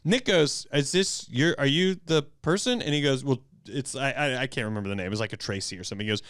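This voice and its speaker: A man hosting a podcast, telling a story in a casual, animated way and acting out the quotes. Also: quick pace, no room sound, studio quality. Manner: animated, acts out quotes with big pitch jumps. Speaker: podcast host.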